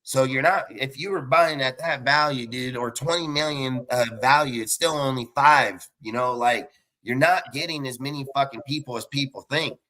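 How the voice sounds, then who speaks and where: A man's voice: medium pitch, pushed and bright, low-quality recording. A man ranting on a live sports fan podcast, heated and profane, tossing in "dude" and "like". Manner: fast and blunt, many fillers like "dude".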